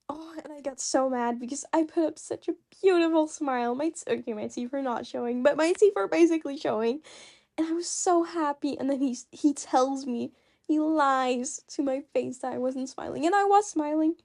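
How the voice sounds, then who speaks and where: High-voiced woman telling a lively story. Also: normal speed. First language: not English. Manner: animated, self-mocking, laughs often. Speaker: storytime animator. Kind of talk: casual storytelling narration.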